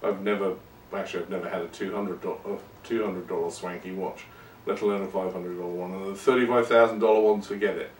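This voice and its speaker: A man hosts his podcast in a loose, rambling monologue, poking fun at himself as he goes. His voice sits on the low side. The sound is roomy, as if he is some way off the mic, with a faint hiss behind. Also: steady tone, fast, few pauses, distant mic. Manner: rambling and self-deprecating. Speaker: podcast host. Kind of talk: casual monologue.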